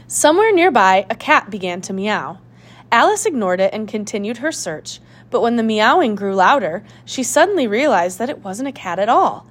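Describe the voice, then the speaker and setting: Lively woman reading a children's mystery. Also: a little high. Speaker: narrator. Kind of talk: audiobook narration.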